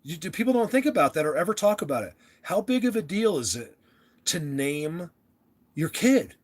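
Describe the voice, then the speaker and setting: A young man from the United States hosts a casual livestream chat, rambling and restarting sentences as he talks to viewers. His voice is a little high and sing-song, at a moderate pace.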